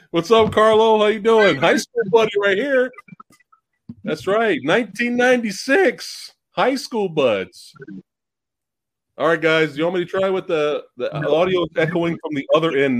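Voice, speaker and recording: A man in his forties hosting a casual livestream, talking to chat and laughing often, on a headset mic. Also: on the high side. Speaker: host. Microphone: headphones or earbuds mic.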